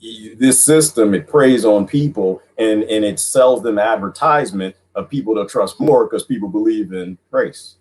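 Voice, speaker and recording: A man hosting a livestream who talks in an animated, mocking way, laughs often, and is losing his voice. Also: on the low side, moderate pace, few pauses, slightly rough, low-quality recording. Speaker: livestream host reading viewer comments. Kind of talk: casual livestream monologue.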